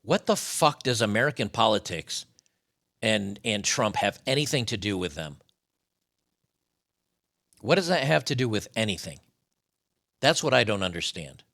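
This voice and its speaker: Gravelly blunt-talking male streamer. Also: lowish voice, expressive, moderate pace, pauses often, fairly bright tone. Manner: blunt, profane, mocking. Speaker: political commentary streamer. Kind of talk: casual live-stream commentary.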